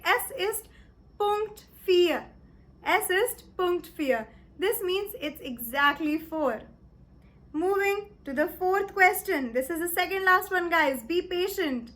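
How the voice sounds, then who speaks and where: Young woman from india teaching german online, real high bright voice, cheery, takes it slow. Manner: cheerful, encouraging, slows down to spell out German phrases. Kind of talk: online language lesson.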